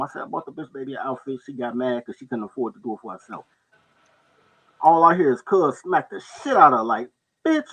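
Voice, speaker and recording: A man spins a street story with a lively, swooping delivery, his voice husky and a little raised in pitch. He tells it casually and acts out the people in it along the way. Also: low-quality recording. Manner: animated storyteller, jumps into high-pitched voices for others. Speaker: podcast co-host telling stories.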